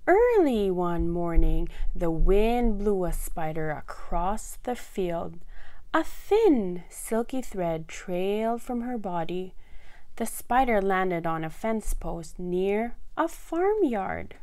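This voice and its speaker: A woman reads a picture book to small children in an unhurried, sing-song voice. She takes her time over each line and lifts her voice high for the animal calls. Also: sing-song. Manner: bright, sing-song storytelling with animal sounds. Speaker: children's story reader. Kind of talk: picture book read-aloud.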